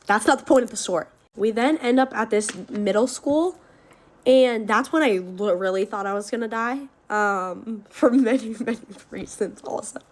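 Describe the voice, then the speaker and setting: A young woman telling a story time in casual chat, animated, swearing freely and acting out the shouting. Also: mid-range voice. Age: young adult.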